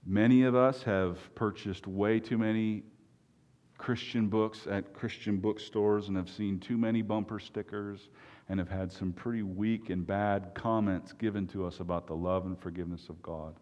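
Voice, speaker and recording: Preacher, male, low voice, emphatic and earnest, reverberant hall sound. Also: steady tone, a little mellow, dull audio. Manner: earnest, emphatic, with long pauses. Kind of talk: sermon.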